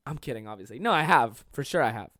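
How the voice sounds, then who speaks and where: Lively, profane young podcast host. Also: medium pitch, fast talker, no echo, clean studio sound. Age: young adult. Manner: profane, sarcastic, joking. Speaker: podcast host answering listener questions. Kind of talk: casual advice Q&A.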